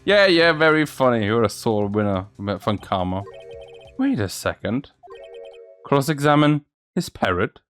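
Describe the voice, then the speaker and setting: Guy doing a young defense lawyer, earnest, thinking out loud, lively voice, music behind. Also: mid-range voice, a little slow. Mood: determined. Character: determined young male defense lawyer, nervous.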